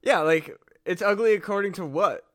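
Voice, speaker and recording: A man's voice: high-pitched, moderate pace, fairly bright tone. A man co-hosting a comedy podcast, chatting casually, swearing a lot and laughing at his own jokes. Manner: profane, joking, laughs often. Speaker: podcast co-host. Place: Midwest US.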